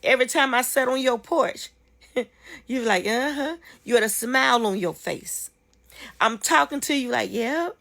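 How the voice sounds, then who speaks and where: Fervent woman with a gravelly edge. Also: moderate pace, fairly bright tone. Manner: fervent, repetitive, rises high when rejoicing. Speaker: storyteller sharing a dream testimony. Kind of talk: casual spoken testimony.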